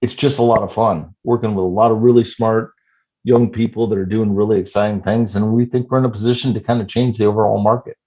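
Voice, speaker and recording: A man in his fifties, a startup CEO answering interview questions in a measured way with many "you know" fillers. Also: on the low side, steady tone, warm tone, dull audio. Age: 50s.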